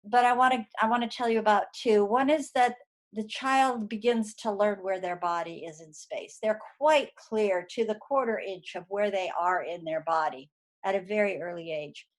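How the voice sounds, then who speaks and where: A woman's voice: medium pitch, normal speed. A woman giving a lecture, talking conversationally with fillers and restarts. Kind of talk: recorded lecture.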